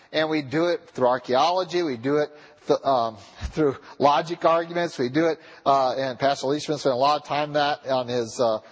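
A man preaching a sermon in a church, with a husky voice, pressing his listeners with repeated rhetorical questions. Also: fairly high pitch. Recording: long reverb of a large hall.

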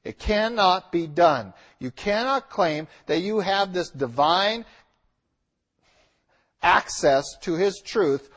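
A man preaching a sermon to his congregation, emphatic and direct, repeating key lines with slow, stressed words. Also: sits high, animated, a bit bright, lo-fi sound. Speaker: pastor.

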